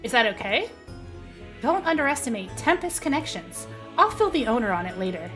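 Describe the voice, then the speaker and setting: A woman's voice: a little high, very animated, brisk, fairly bright tone, soft background music. Woman reading as a cheerful guild leader. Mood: reassuring.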